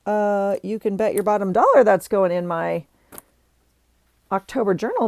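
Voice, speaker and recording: A woman's voice: medium pitch, lively intonation, normal speed, vocal fry, pauses often, darkish tone, no echo. A woman vlogger chatting casually while she tidies her desk, rambling with many ums and restarts.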